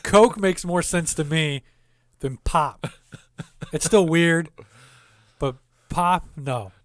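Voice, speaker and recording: A man's voice: a little high, takes it slowly, dry recording. A man from the Midwestern US hosting a podcast, ranting in casual, profanity-laced chat and laughing. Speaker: podcast host.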